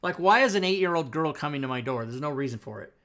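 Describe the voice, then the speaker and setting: A man hosting a casual livestream, telling a story in an animated, profane way with frequent laughter. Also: on the high side, quick pace. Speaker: host.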